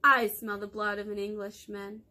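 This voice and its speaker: A woman reading a storybook aloud and voicing a huge male giant who booms and roars his commands. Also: little pitch movement, normal speed, bright, forceful tone. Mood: menacing. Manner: booming, roaring commands.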